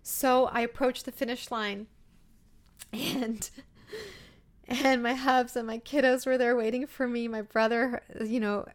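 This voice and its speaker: A woman's voice: on the high side, fairly even intonation, a little slow. Emotional woman podcaster telling her story. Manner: heartfelt, emotional, with fillers. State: emotional, near tears. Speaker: podcast host.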